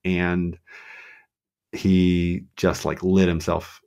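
A man on a podcast telling running stories in a casual, animated way, acting out quotes with lots of fillers. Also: low voice, drawn-out words, smooth. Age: adult with a child. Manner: animated storyteller, acts out quotes, many fillers. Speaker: guest marathon runner.

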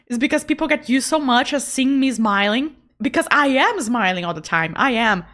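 Woman art streamer, high voice, relaxed chatter, frequent laughs, repeats words for emphasis. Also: normal speed, few pauses. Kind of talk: casual chat while drawing.

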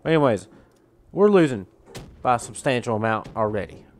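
A man's voice: medium pitch, big pitch swings, fairly quick. A male gaming channel host giving a profane, ranting, exasperated gameplay commentary.

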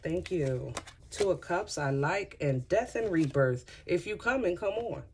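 A woman's voice: fairly low pitch, lively intonation, measured pace, noisy background. Chatty, effusive woman tarot reader. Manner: chatty and effusive, rambling asides; addresses listeners directly and often. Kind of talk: casual tarot reading to viewers.

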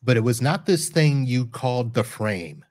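A mid-range, slightly mellow male voice with a sing-song lilt moves at a moderate pace in a dry recording. He's the host of a live podcast in a Florida home studio, casually chatting with a guest, making jokes and correcting himself.

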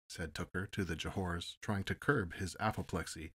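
A man narrating a classic science fiction story in a measured, even audiobook reading. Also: low voice, slightly rough.

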